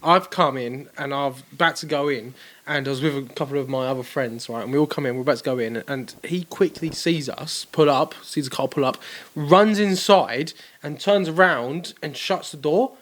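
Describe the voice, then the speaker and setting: A man's voice: on the high side, moderate pace, fairly bright tone. A man, co-hosting a podcast in casual chat, who teases and eagerly tells the story. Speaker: podcast co-host.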